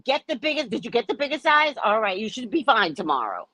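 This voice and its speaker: Sassy woman host, husky and animated. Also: fairly high pitch, brisk, hardly any pauses, no room sound, poor audio. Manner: sassy, emphatic, lecturing. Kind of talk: casual commentary livestream.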